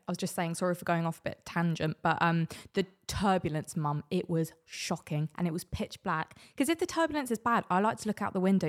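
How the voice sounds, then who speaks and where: A young woman hosting a casual chat podcast, telling rambling, animated stories. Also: on the low side. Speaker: podcast host.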